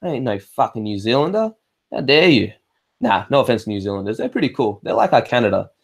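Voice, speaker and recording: A man's voice: medium pitch, very animated, quick pace. An Australian man chatting casually on a livestream. He rambles, swears freely, restarts his sentences often and answers viewer comments as they come in. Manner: reads viewer comments aloud and answers them. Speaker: livestream host.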